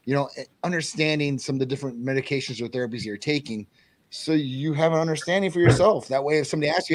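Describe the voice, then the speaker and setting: A man's voice: on the high side, fast. A man speaking for a company in a casual chat, explaining things with many fillers. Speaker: company representative.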